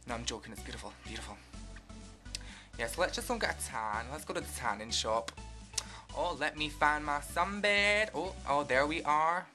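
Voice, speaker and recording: A man's voice: on the high side, sharp tone. A Scottish man who is a vlogger, narrating his day in a casual, jokey, sarcastic way and swearing freely. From Scotland. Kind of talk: casual handheld vlog narration.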